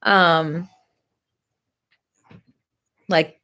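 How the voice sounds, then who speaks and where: A woman, hosting a casual church chat, chatty and rambling and quick to laugh. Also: on the low side, a bit bright. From Missouri.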